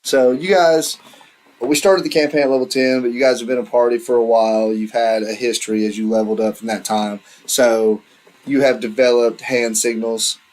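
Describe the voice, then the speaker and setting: A man's voice: mid-range voice, steady tone, a little mellow, poor audio. Easygoing male dungeon master. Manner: easygoing, describes scenes slowly with fillers. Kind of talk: narrating a tabletop game. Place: home table with friends.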